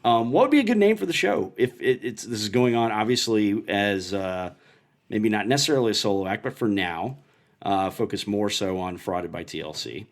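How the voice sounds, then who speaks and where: A man's voice: lowish voice, expressive, normal speed. A man in his thirties co-hosting a casual podcast from a home playroom, joking around as he reads listener messages aloud. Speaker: podcast co-host.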